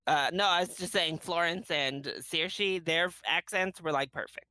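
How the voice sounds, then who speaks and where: A man with a bright, rather high voice talks movies on a podcast. He is enthusiastic and often laughs in the middle of his sentences. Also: normal speed, dry recording, rough recording. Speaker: podcast co-host. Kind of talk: casual film review chat.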